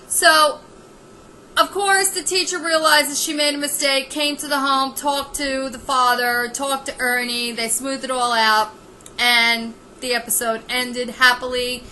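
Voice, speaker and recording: A woman's voice: high voice, little pitch movement, a little slow, bright, forceful tone, a little hiss or hum, low-quality recording. A woman vlogger delivering a sarcastic, exasperated comedic rant.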